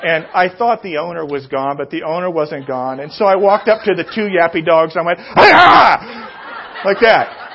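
A middle-aged man preaching a sermon, telling rambling, self-deprecating personal stories that grow loud and excited in the retelling. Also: on the high side, fairly quick, few pauses, dull audio, a faint crowd, a little hiss or hum. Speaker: pastor.

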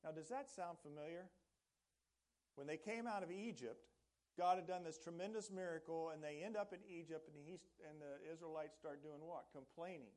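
A man's voice: a little high, moderate pace, a little mellow. A man preaching a sermon in an earnest way, often turning to ask the congregation questions. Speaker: pastor.

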